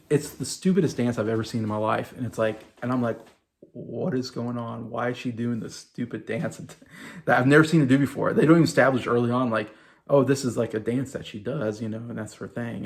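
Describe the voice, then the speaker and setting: A man's voice: mid-range voice, gravelly, darkish tone. A man hosting his own video, rambling through an exasperated casual movie review with mocking asides. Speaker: video host.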